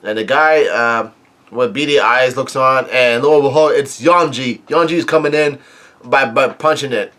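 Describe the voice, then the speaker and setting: A man talks through a comic chapter as a casual reviewer, at a middling pitch. He stumbles and restarts often, filling gaps with fillers as he recounts the story. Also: a bit bright. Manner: halting, many fillers and restarts. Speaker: manga reviewer.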